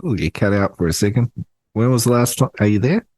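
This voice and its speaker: A man co-hosting a podcast over a remote call, cracking deadpan absurd jokes with lots of fillers. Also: on the low side, a little fast, breathy edge, no echo. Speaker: podcast co-host. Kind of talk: casual podcast banter.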